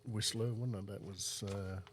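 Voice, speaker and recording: Australian man, low voice, rambling storyteller, faint hum behind. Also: steady tone, moderate pace. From South Australia. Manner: rambling anecdotal storyteller, laid-back. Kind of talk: casual chat.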